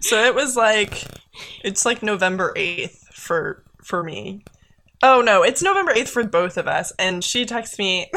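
Bright, laughing woman podcast co-host. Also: mid-range voice, moderate pace. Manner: laughs often, animated storytelling. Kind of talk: casual chat.

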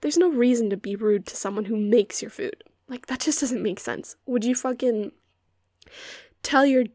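A woman's voice: fairly high pitch, normal speed, mellow, no room sound. A young woman hosting a casual podcast from a hot bedroom close to her microphone, ranting with sarcasm and profanity and sometimes dropping to a whisper. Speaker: podcast host.

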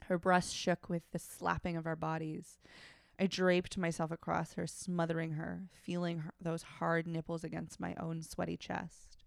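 Brief: woman co-host with a low, gravelly voice, dry close-mic sound, reads a story aloud with blunt wry asides. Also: monotone, moderate pace, no room sound. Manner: breaks off from reading to make frank, wry asides. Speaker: podcast co-host. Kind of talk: reading fiction aloud with commentary.

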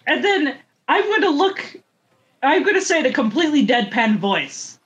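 Woman tabletop player, fairly high and lively voice, chatty and wry. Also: moderate pace, dull audio. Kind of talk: describing her character in a tabletop game.

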